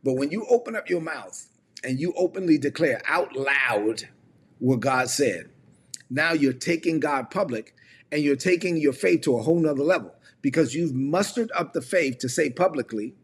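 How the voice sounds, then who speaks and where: Male preacher, mid-pitched, husky, emphatic streaming sermon. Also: moderate pace. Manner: repetitive, emphatic, mimics people he quotes. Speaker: preacher and mentor. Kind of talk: sermon-style teaching. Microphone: online stream.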